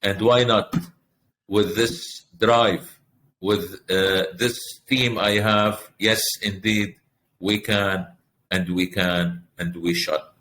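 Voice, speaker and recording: A man's voice: lowish voice, fairly even intonation, slow pace, pushed and bright, a little hiss or hum. A middle-aged man, a hotel group president, answering in a podcast interview with earnest, repetitive, speech-like phrasing.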